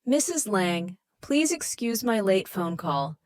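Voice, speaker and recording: A woman's voice: mid-range voice, sing-song, takes it slowly, a little mellow, dry recording. Polite soothing diplomat guy as a woman reads him, formal and apologetic, dry close sound. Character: soft-spoken formal male diplomat.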